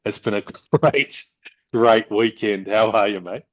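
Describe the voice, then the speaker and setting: A man's voice: fairly low pitch, unhurried, a bit bright. A man hosting a podcast and chatting casually, with an easy laugh. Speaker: podcast host. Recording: dull lo-fi audio.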